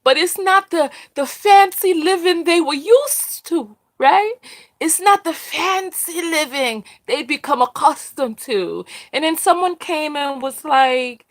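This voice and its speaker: A woman hosting a casual live discussion, animated and repeating her points for emphasis. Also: high-pitched, a little slow. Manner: acts out quoted people. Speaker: host.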